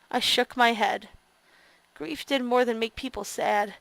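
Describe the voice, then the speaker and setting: A woman's voice: on the high side, fairly even intonation, measured pace, vocal fry, fairly bright tone, no room sound. A woman streamer reading a visual novel aloud and reacting expressively to it.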